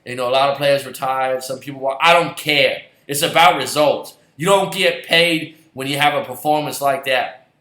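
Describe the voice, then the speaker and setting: A man's voice: medium pitch, moderate pace, sharp tone. Fired-up man ranting in an echoey room. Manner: heated, sarcastic, swears, repeats himself. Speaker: football fan ranting. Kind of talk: angry ranting vlog. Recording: roomy echoey recording.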